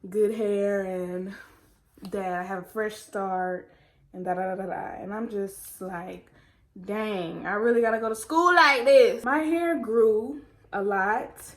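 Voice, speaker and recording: A young woman chatting casually in a vlog, telling a story in an animated way and acting out her own quotes. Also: on the high side. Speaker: vlogger.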